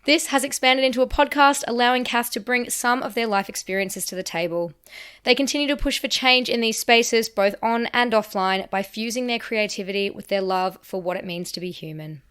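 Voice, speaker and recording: A woman's voice: a little high, a bit bright, clean tone. A young Australian woman hosting a podcast, chatting casually and laughing easily. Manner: bubbly, quick to laugh, chatty. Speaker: podcast host.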